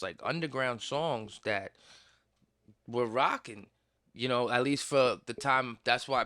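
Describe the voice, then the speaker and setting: A young man, hosting a casual podcast and telling stories in an animated, slangy way full of swearing. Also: mid-range voice, no echo, clean studio sound. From Puerto Rican, raised in New York. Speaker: podcast host.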